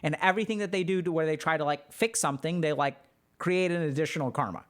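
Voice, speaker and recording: A man's voice: on the high side, fast talker. A man on a livestream, answering chat questions in a loose, chatty way full of fillers. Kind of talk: casual livestream talk.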